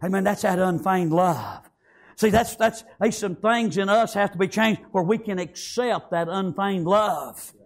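A man preaching a sermon, fervently repeating praise and amen and rising to shouts. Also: high-pitched, unhurried.

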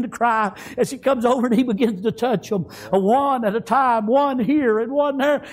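A male preacher delivering a fervent sermon, swinging from hushed tones to shouts and peppering his lines with amens. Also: extremely high pitch, moderate pace, hardly any pauses.

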